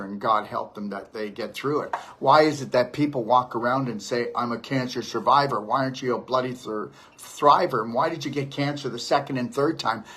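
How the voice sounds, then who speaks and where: A husky-voiced man preaches to the camera about detox and healing. He is emphatic and insistent and keeps returning to the same stock phrases. He is recorded at his home near a beach. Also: medium pitch, pushed and bright. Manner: emphatic and preachy, repeats "the reality is". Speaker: detox practitioner. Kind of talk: impassioned monologue to camera.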